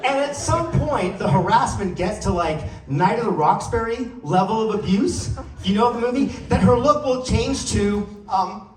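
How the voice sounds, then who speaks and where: A man performs stand-up comedy, his voice pitched high and swooping lively as he jokes with the crowd. The sound is roomy and heard from a distance, like a stage mic picked up across a club. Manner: animated, playful crowd work. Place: comedy stage before a live audience.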